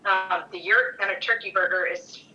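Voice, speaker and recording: A woman's voice: medium pitch, fairly even intonation, normal speed, bright, forceful tone, distant mic, lo-fi sound. Enthusiastic woman, slightly off-mic. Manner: enthusiastic, laughing often. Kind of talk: casual chat.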